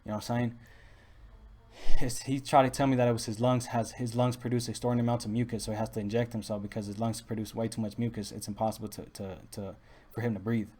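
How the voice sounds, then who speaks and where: Fast-talking young man rambling a story. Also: mid-range voice, flat delivery, dark tone. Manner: rambling, repetitive restarts, heavy street slang. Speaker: vlogger. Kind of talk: casual storytelling monologue.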